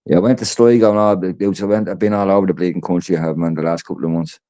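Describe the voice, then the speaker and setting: A man's voice: low-pitched, steady tone, racing, dry recording. A man chatting casually on a podcast, telling stories with plenty of swearing and acted-out quotes. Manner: swearing, storytelling with loud re-enacted quotes. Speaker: podcast co-host. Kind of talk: casual chat.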